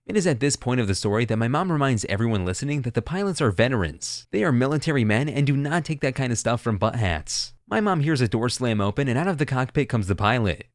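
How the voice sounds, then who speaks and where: A man reading stories as scripted narration, his voice at a mid pitch. He reads with a lot of rise and fall. The sound is dry and close, with no room around it. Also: no echo. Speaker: story narrator.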